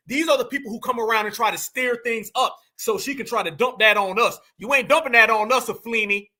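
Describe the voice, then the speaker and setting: A man's voice: extremely high pitch, a little fast, bright, forceful tone. A male host giving reaction commentary on clips in an emphatic, dismissive, slangy way.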